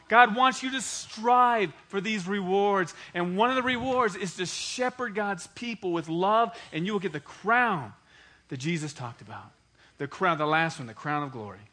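A man's voice: high-pitched, bright, forceful tone. A man in his forties preaching a sermon, telling a joking personal story and talking straight to the congregation. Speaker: pastor.

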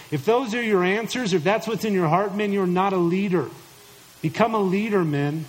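A middle-aged male pastor preaching with a high, bright voice. He speaks emphatically and directly to the men in front of him and slips into mock voices to quote imagined listeners. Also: normal speed, rough recording. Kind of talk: sermon to husbands.

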